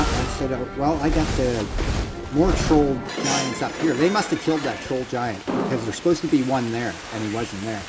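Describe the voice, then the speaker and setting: Swearing man commentating over loud game music. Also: medium pitch, rough recording. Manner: swears freely, narrates his own inner thoughts. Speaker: gaming commentator. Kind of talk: casual gameplay commentary.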